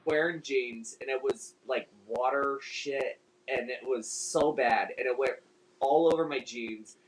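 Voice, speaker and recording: A man's voice: mid-range voice, measured pace, slight background noise, rough recording. A man telling a story in casual chat on a livestream, laughing often and swearing freely.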